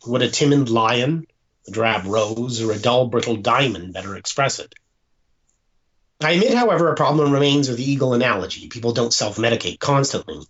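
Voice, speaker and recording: A man, an author, reading aloud from his own book in a measured, deliberate way with dramatic pauses. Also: mid-range voice. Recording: dull lo-fi sound.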